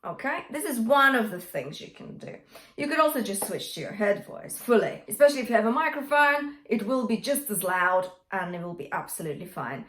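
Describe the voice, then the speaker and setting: A woman's voice: medium pitch, very animated, brisk, fairly bright tone. A young adult woman vocal coach giving a singing lesson, encouraging and breaking into sung examples. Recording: roomy echo.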